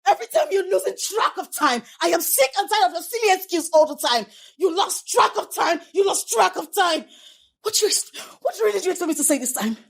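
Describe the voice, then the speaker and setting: A woman's voice: very high-pitched, very animated, a little fast, gravelly, heavily acted. An actress with a Nigerian accent playing a young wife who is exasperated with her neglectful husband and repeats herself when angry. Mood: bitter. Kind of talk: Nigerian film drama acting.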